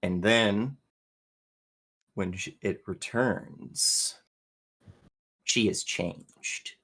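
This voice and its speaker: A man's voice: fairly low pitch, extremely slow, creaky, pushed and bright, husky. A man narrating as game master in a tabletop role-playing game, vivid and laughing, with some swearing.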